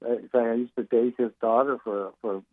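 A man's voice: medium pitch, fairly even intonation, normal speed. An older man, a musician guest in an interview, telling stories with many fillers and restarts. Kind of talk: interview over the phone. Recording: tinny phone line.

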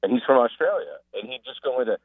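A man chatting casually as a guest on a radio show, an animated storyteller who mimics the people he describes. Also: medium pitch, quick pace, breathy edge, no room sound. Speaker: sports broadcaster and guest. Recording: phone line.

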